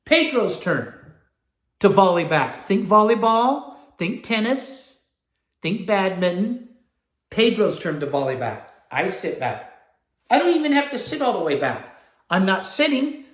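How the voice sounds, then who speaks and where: A man teaching a sales class, blunt and profane, acting out his pitch dialogue. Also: roomy sound. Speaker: sales trainer.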